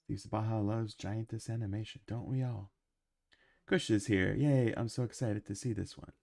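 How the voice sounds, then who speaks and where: A man's voice: on the low side, fairly even intonation, normal speed, gravelly, darkish tone, dry recording. A man who is sick with a cough, chatting casually while he livestreams his animation work and rambling with lots of ums and uhs.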